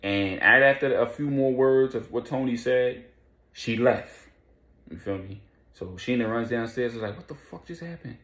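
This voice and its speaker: A man casually recapping a crime storyline in loose street slang, now and then voicing quoted lines in quick bursts. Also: medium pitch, fairly bright tone, echoey room.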